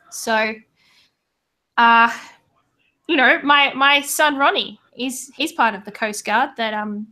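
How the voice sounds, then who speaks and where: A woman's voice: on the high side, pushed and bright. A woman running a tabletop game as game master, chatting hesitantly with plenty of fillers and voicing townsfolk.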